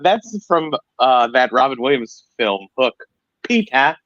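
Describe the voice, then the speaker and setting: A man's voice: medium pitch, animated, measured pace, fairly bright tone, dry recording. A man co-hosts a casual chat in a chatty, joking way and throws in the odd swear word. His voice sits in a middling range. The recording is dry and a bit dull. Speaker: podcast co-host.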